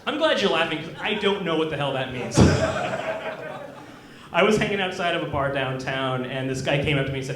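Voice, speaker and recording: Young man, stand-up comic, hesitant and self-deprecating, slightly high voice, roomy club sound. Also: expressive, normal speed, crowd noise. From Kansas. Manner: awkward, self-deprecating, hesitant with many ums. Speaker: stand-up comedian. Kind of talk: stand-up set. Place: comedy club stage. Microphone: handheld stage mic. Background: audience laughter.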